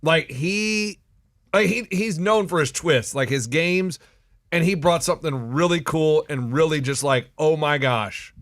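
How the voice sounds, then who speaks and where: A man co-hosting a radio morning show, gushing excitedly as he recaps things. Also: fairly high pitch, a little slow, no room sound, studio quality. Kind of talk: casual morning show banter.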